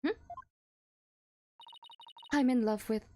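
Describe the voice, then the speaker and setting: A prim young maid from a visual novel, polite and composed, speaking slowly, as a woman gamer reads her. Her voice sits fairly high and stays close to the reader's own. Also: warm tone, slight background noise.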